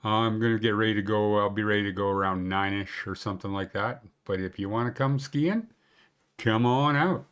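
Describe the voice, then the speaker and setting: A man's voice: on the low side, moderate pace, a bit bright, clean tone. Rambling, joking man hosting a live stream. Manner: rambling, joking, chatty with lots of fillers. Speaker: host of a live local conditions stream. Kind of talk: casual live-stream chat with viewers. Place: Banff area.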